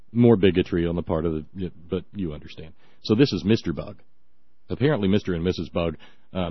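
A man's voice: low-pitched, slightly rough, no echo. A man giving scornful, sarcastic, rambling radio commentary. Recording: dry, dull lo-fi audio.

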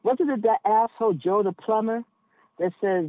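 A woman's voice: mid-range voice, normal speed. A woman cab driver speaks candidly as a podcast guest, working through her thoughts aloud with many asides and pointed emphasis. Her voice comes over a narrow, phone-like line. The sound is dry and close, with no room echo.

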